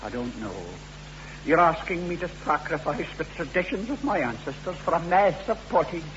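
An actor playing a canny Scottish laird with a lilting brogue and mock solemnity, in a comic radio play. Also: male voice, on the high side, lively intonation, normal speed, fairly bright tone, a little hiss or hum. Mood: sly. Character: wily canny old Scottish laird, feigning innocence. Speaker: castle owner selling his home. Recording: dull lo-fi old radio recording.

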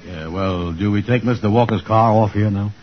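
Man doing an easygoing drawling sidekick, lowish voice, 1940s radio comedy, muffled old broadcast. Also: normal speed, noisy background, close to an everyday voice. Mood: weary. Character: slow, easygoing grown male sidekick. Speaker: comic sidekick in a radio sitcom.

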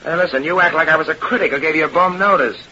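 An actor playing a brash young vaudeville dancer who talks in slangy, ungrammatical street speech, in 1930s radio-drama style. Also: male voice, on the high side, rapid-fire, sharp tone, husky, full character voice. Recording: dull, hissy old radio transcription.

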